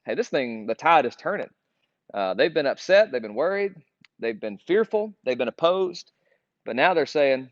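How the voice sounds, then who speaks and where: A man's voice: medium pitch, big pitch swings, moderate pace, no echo. A man leading a casual group Bible study, talking earnestly and reading scripture aloud. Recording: dull, dry lo-fi recording.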